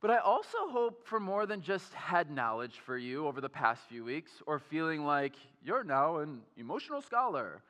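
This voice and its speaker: A young man and pastor giving an energetic, conversational sermon, often turning to the audience with questions and filler words. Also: fairly high pitch, moderate pace, hardly any pauses, smooth, long reverb tail. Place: church auditorium.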